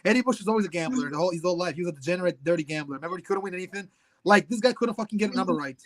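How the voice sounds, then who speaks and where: A man co-hosting a casual podcast, excitedly retelling movie scenes. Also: high voice, rapid-fire. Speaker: podcast co-host. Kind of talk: casual live podcast chat.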